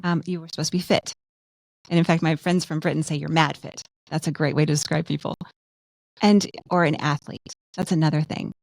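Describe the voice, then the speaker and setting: A woman's voice: sits low, steady tone, fairly quick, creaky, no room sound. A woman who is a dentist co-hosts a podcast, talking earnestly in casual chat and telling everyday examples. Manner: earnest, storytelling with quoted examples.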